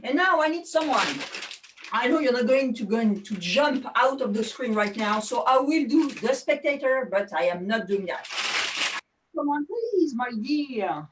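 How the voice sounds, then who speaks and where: A woman's voice: fairly high pitch, animated, normal speed, distant mic, noisy background. A woman from France with a French accent, doing chatty, self-mocking magic show patter over a video call.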